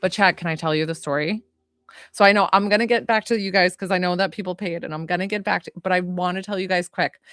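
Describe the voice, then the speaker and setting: A woman hosting a psychic livestream, chatting casually and excitedly, rambling and greeting viewers by name while still catching her breath. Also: mid-range voice, dry recording, studio quality. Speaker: psychic medium livestream host.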